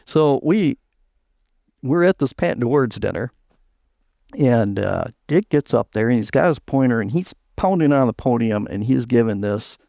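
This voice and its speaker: Gravelly older man telling shop-floor anecdotes. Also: medium pitch, animated, normal speed, mellow, dry recording, clean studio sound. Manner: rambling anecdotes with restarts and laughs. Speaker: guest, retired chief engineer. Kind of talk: storytelling interview.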